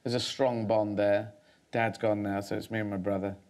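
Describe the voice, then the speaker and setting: A man's voice: fairly low pitch, level tone, moderate pace, darkish tone. A man as a guest on a talk show, speaking thoughtfully, rambling, with many restarts.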